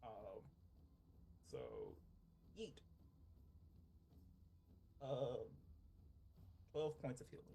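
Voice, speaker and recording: A man casually playing his character in a tabletop game, chatty and animated. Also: mid-range voice, extremely slow, vocal fry, long pauses, slight background noise. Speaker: player.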